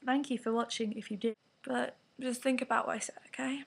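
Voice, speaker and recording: A woman's voice: a little high, steady tone, brisk, vocal fry, slightly rough. A teenage girl with an English accent, ranting frankly to camera in a rambling vlog with whispered asides. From England. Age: teens. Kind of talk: candid vlog rant to camera.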